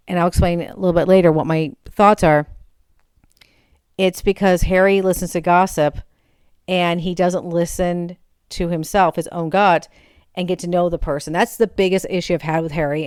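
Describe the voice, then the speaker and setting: Woman, 40s, low-ish smooth voice, dry close mic, chatty rambling storyteller. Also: no room sound. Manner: rambling, self-correcting, animated. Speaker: vlogger. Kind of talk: casual storytelling chat.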